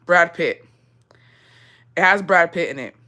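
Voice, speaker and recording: A woman's voice: fairly low pitch, animated, unhurried, bright, forceful tone. A young adult woman vlogger chatting casually with her viewers in an emotional, rambling way, full of swearing.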